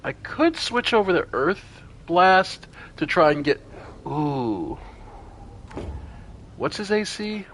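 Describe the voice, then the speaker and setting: Animated man calling out party moves. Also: sits high, slow, long pauses, slight background noise. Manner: talks through party turns aloud, animated exclamations. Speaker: game streamer. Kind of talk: casual gameplay commentary.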